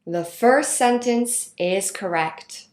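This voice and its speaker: A woman reading out a grammar lesson in a clear, instructional way. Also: on the high side, darkish tone, roomy sound. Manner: slow, clear instructional delivery. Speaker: teacher. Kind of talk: scripted lesson narration.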